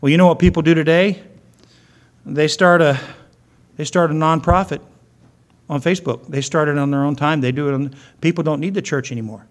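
Storytelling pastor, fairly high voice. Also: male voice, steady tone, fairly quick. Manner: storytelling, acting out quoted voices. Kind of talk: sermon.

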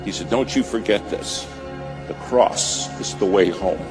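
A man preaching a sermon, telling a story with dramatic swings from loud to hushed. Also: on the low side, measured pace. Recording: music bed behind voice.

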